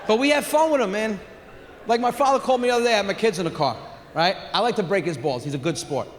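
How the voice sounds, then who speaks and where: Loud middle-aged comic. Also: male voice, high-pitched, quick pace. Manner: loud, animated storytelling. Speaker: stand-up comedian. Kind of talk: stand-up comedy set. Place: theater stage with live audience. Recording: live hall reverb, faint room noise.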